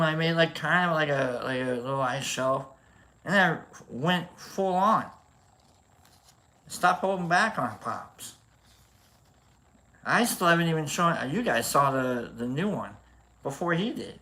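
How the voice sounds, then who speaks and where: A man's voice: fairly high pitch, expressive, moderate pace, sharp tone. A man chatting casually in a rambling, joking, self-deprecating way while he works on a craft. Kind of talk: casual chat.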